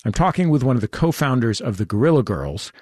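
A man hosting a radio interview. He asks long, winding questions in a relaxed way and slips in wry jokes. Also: mid-range voice, quick pace, no echo, studio quality. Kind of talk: conversational interview. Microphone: studio mic.

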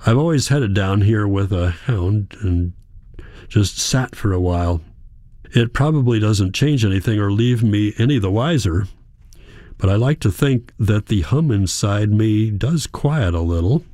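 A man narrates a literary story in the first person, his delivery quiet and measured. His voice sits low and has a warm, mellow tone. The recording is close and dry, with no room sound. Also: expressive, no room sound. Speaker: audiobook narrator.

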